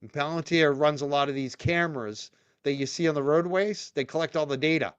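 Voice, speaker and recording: A man's voice: fairly high pitch, fairly quick, clear, resonant tone, dry recording, dull audio. A man hosting a live stream, giving rambling, opinionated commentary with frequent restarts and fillers. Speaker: show host.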